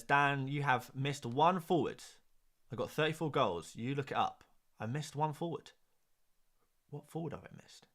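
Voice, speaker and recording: A man hosting a fantasy football live stream, reading out viewer questions and chatting in an excitable, jokey way. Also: mid-range voice.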